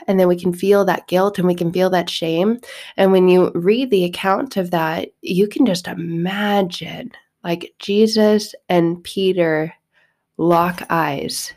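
A woman's voice: fairly low pitch, measured pace, a little mellow. A woman hosting a podcast, talking casually and animatedly about faith, acting out quotes, laughing often and swearing now and then. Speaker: podcast host. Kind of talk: casual spiritual talk.

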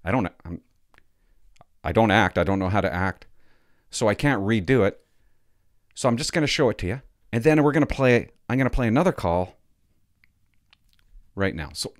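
An older man hosting his own video channel, talking casually in a rambling, self-conscious, halting way. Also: lowish voice, lively intonation, no echo, studio quality. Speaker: channel host. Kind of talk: casual vlog chat.

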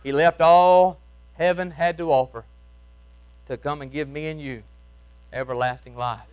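A man with a Mississippi accent preaching a sermon in folksy Southern speech, shouting some phrases and dropping to a hush on others. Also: on the high side, fairly even intonation, unhurried, clear, resonant tone. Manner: swings from shouting to hushed, soft tones; folksy Southern grammar, chuckles while preaching. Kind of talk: revival sermon. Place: church.

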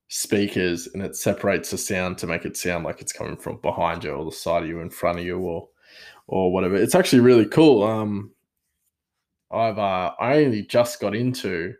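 A young man talks casually about video games in a somewhat low voice. He rambles and drifts off topic, pokes fun at himself, and keeps the tone easy and conversational. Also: moderate pace, darkish tone. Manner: rambling, digressive, self-deprecating. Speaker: gaming vlogger. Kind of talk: casual chat.

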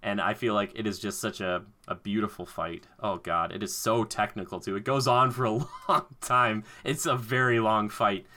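A man chatting casually, animated and enthusiastic, acting out lines with laughs. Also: lowish voice, normal speed, few pauses. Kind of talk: casual chat.

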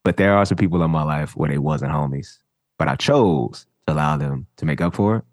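A man in casual chat as a podcast co-host, talking in a relaxed, reflective way with plenty of slang. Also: a bass voice, a little fast, no room sound, studio quality.

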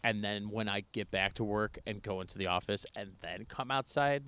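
Young guy on a podcast, lowish smooth voice, rambly, keeps restarting his sentences. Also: normal speed, sharp tone. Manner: rambling, self-interrupting, laughs easily. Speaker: podcast co-host. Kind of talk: casual chat. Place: outdoors.

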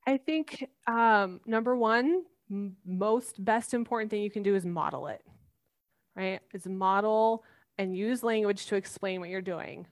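A woman's voice: mid-range voice, a little slow. A woman in her thirties, a mother answering interview questions earnestly and animatedly, acting out everyday examples. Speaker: parenting guest expert.

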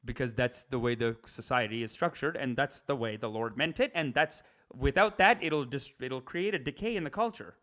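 A young man riffing in a comedic rant, animated, slipping into higher mocking impressions. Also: moderate pace, hardly any pauses.

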